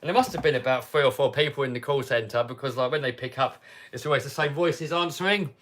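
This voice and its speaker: A British man hosting a livestream, telling a story casually and animatedly, dropping to mutters and rising to loud outbursts. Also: mid-range voice, fast talker. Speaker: livestream host.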